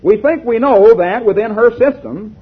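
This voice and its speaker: A man reading aloud as a patient old medieval physician, in measured, earnest speech. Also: sits high, slightly rough, voice pushed up. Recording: lo-fi tinny recording.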